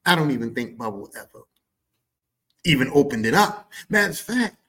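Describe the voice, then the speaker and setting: A man hosting a podcast, telling a profane, animated story in a casual monologue and slipping into other people's voices. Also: mid-range voice, normal speed, slightly rough, rough recording. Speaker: podcast host.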